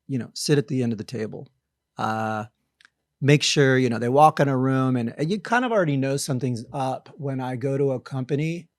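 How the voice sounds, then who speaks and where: A man's voice: medium pitch, gravelly, dry recording, clean studio sound. A middle-aged man, a company founder guesting on a podcast, telling self-deprecating stories in casual conversation and acting out what people think. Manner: storytelling, acts out quoted thoughts in other voices; self-deprecating, frequent restarts and laughs.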